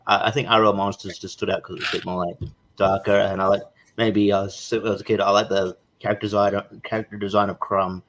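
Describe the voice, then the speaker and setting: A man on a panel talking in a relaxed, slangy way about cartoons he loved. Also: on the low side, brisk, slight background noise. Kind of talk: casual chat.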